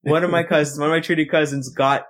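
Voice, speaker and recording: A man with a slightly high voice chatting casually on a podcast. He tells relaxed stories and laughs along with them. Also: very fast. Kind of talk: casual chat.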